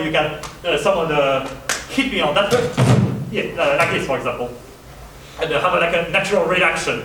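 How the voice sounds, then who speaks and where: A man's voice: fairly high pitch, fairly bright tone, recorded from a distance, a little hiss or hum. Man in an echoey hall. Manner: rambling with many fillers, acting out bits. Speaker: convention panelist. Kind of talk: casual panel talk demonstrating acting reference. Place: large convention hall.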